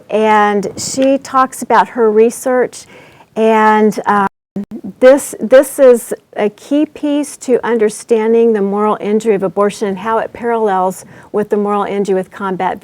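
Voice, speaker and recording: A woman hosting a faith livestream, telling a personal story in an animated way and acting out the voices she quotes. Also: fairly high pitch. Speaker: summit host.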